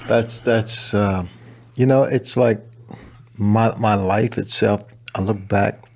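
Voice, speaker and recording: A man who is a guest on a show, speaking calmly and reflectively. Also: lowish voice, slow. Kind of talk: reflective interview conversation.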